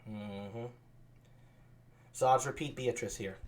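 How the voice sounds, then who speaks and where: A man's voice: medium pitch, animated, brisk. A man hosting a casual stream, reading a play aloud and chatting between lines.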